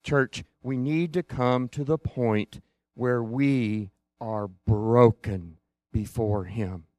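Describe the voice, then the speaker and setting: A man preaching a sermon as a pastor, earnest, with long pauses and hushed emphasis. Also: mid-range voice, steady tone, no echo.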